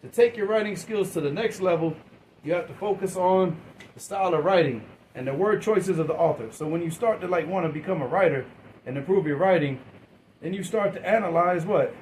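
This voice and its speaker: A teacher gives a classroom lecture, asking questions and pausing for students' answers, often repeating and restarting words informally. His voice sits high and is a little mellow, his pace brisk, and the rough recording carries slight background noise.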